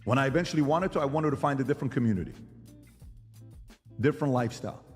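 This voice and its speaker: A man's voice: medium pitch, quick pace, in a large hall, soft background music. A middle-aged man hosting a podcast who argues emphatically, firing rhetorical questions and mimicking other people's lines. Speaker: podcast host. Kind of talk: animated debate monologue.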